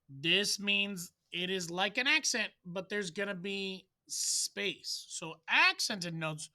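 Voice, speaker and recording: Bright-voiced man teaching wind articulation. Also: high voice. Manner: demonstrates articulation syllables aloud; loose and chatty, with fillers and restarts. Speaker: music teacher. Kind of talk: casual instructional talk.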